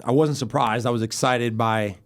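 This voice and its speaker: A man's voice: medium pitch, steady tone, moderate pace. An American man in his forties, a guest on a podcast, talking earnestly with many restarts. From United States. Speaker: guest, former goalkeeper. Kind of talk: casual podcast chat.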